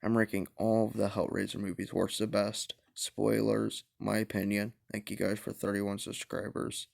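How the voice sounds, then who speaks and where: Hushed young man with a gravelly voice. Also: on the low side, little pitch movement, normal speed, few pauses. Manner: speaks quietly to avoid waking parents, blunt opinions. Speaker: vlogger reviewing movies. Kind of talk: hushed casual movie ranking. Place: home at night.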